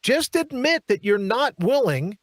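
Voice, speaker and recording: In a studio with no room sound, a man hosting a political talk show delivers an emphatic monologue packed with hammering rhetorical questions and mocking asides. His voice is very high and sing-song, and he speaks a little slowly.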